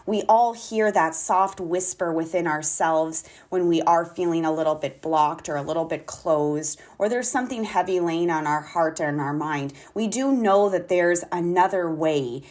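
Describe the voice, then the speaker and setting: A woman artist leading a guided talk on gratitude, calm and deliberate, spelling key words out letter by letter. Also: fairly low pitch.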